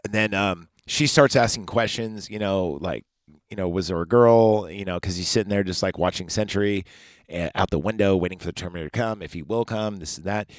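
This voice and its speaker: A man with a lowish voice rambles through a movie recap, swearing freely and tossing in sarcastic asides. His voice is close and dry, with no room sound around it. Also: a little fast, dry recording. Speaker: podcast host.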